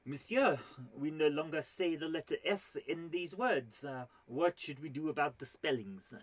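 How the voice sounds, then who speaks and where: A woman voicing a pompous male French language academic in a deliberately bad fake French accent, theatrical and exaggerated. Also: low-pitched, no echo. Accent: fake French accent, badly done.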